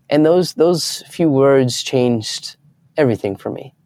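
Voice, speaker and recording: A man's voice: medium pitch, animated, measured pace, dark tone. A young adult man, a guest in an interview, telling stories earnestly and acting out the voices of people he quotes. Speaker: guest speaker. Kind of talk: storytelling in an interview.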